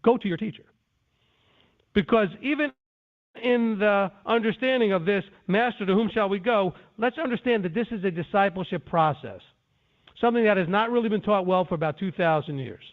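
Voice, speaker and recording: Over a tinny phone line, a high-voiced man speaks at a moderate pace. He's a Bible teacher leading conference-call teaching on scripture, earnest and defensive in his lecturing, with frequent restarts.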